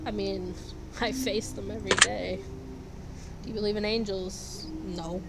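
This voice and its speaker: A woman's voice: mid-range voice, steady tone, unhurried, gravelly. A young adult woman vlogging in a casual, blunt way, sarcastic and swearing constantly while she answers quiz questions. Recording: noisy background.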